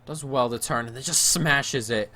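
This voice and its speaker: A man's voice: medium pitch, normal speed. Man commentating his own football game. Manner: mock play-by-play, swinging between excited shouts and gloomy muttering. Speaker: gaming YouTuber.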